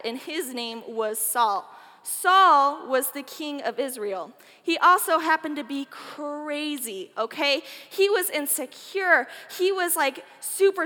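A woman's voice: high voice, long reverb tail. A woman giving a chatty, joking youth talk, retelling a Bible story casually. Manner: animated, chatty, jokey. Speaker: youth speaker.

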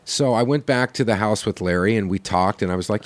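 A man's voice: fairly low pitch, fairly quick, few pauses. A man telling a long story in a casual podcast chat, swearing freely and acting out the lines of the people in it. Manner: profane storyteller acting out quoted dialogue.

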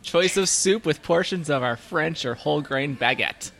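Bright, animated man hamming up a reading. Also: on the high side, normal speed, creaky. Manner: playful, hammy reading with silly sound effects. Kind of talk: casual group reading of a menu aloud.

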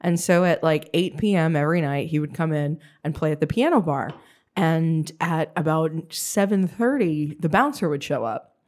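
A woman's voice: deep voice, normal speed, darkish tone. A woman in her late thirties co-hosting a podcast, telling stories in a rambling, casual way and laughing often. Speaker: podcast co-host. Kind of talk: casual chat.

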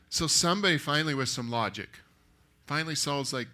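A man preaching a sermon that retells a story, lively and acting out the characters' lines. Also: a little high, brisk. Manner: animated, acts out the characters. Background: live audience.

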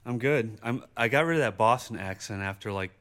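A man's voice: mid-range voice, brisk, fairly bright tone. A young man co-hosting a casual podcast on a studio mic, blunt and hesitant, with many ums. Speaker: podcast co-host.

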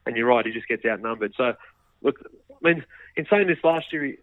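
A man's voice: medium pitch, brisk, no room sound. A man, a guest football journalist, talking casually on radio with lots of hedging fillers and restarts. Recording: tinny phone line.

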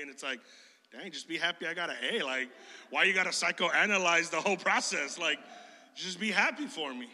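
A man from Chicago preaches a sermon, talking casually and cracking jokes between stories. His high, sharp voice rings through a church hall. Long reverb trails every phrase. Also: brisk. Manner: animated, conversational, jokey storyteller.

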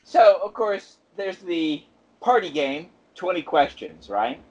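Podcast guy with a husky voice, kinda higher pitched, rambly asides, muffled lo-fi audio. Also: big pitch swings, takes it slowly. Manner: rambling, thinks aloud with many asides. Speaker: podcast co-host. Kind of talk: casual podcast discussion.

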